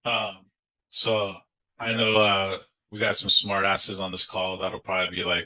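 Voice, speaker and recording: A man with a low voice and a sharp, tense brightness to his tone chimes in on a sales team video call. He talks casually, with fillers, as he backs up the point. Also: flat delivery, unhurried, rough recording. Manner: casual, chiming in.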